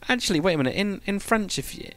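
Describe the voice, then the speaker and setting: A man's voice: high voice, expressive, fast talker, fairly bright tone, no room sound. A man chatting casually to viewers on a live stream, rambling and correcting himself as he goes. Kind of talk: casual live-stream chat while building.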